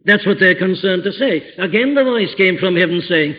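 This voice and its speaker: An older Welsh preacher delivers a sermon from the pulpit, his high-pitched voice ringing with emphasis as he quotes scripture in old English. He speaks at normal speed with lively intonation and few pauses, on a dull, lo-fi archive recording with long church reverb.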